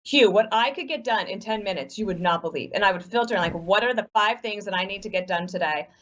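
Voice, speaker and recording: A woman guest on a radio interview who tells brisk, practical anecdotes. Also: medium pitch, a bit bright, dull audio. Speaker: guest author.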